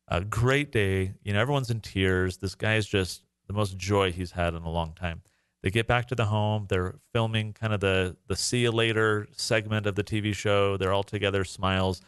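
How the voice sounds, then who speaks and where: A man's voice: on the low side, fairly even intonation, normal speed, fairly bright tone, clear, resonant tone, no room sound, studio quality. A man, a parent, co-hosting a podcast, telling a story in a casual, earnest and emotional way with many fillers. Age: adult parent. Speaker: podcast co-host.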